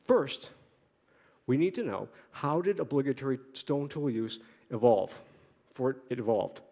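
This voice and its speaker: A man giving an academic conference lecture in a lively, joking way, asking rhetorical questions. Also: mid-range voice, unhurried. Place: lecture hall. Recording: echoey lecture hall.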